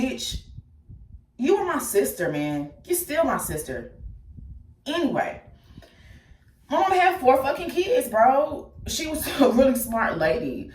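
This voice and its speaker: A woman telling her life story candidly and bluntly, cursing freely, talking straight to her listeners and swinging between loud outbursts and quiet asides. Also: high-pitched, recorded from a distance. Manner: blunt and profane, addresses listeners directly. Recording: echoey room, speaker set back from the mic.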